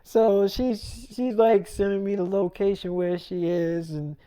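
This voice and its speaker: A woman's voice: mid-range voice, fairly even intonation, unhurried, dark tone, smooth. A woman casually retelling a made-up story in slangy speech, full of quoted dialogue. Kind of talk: freestyle storytelling.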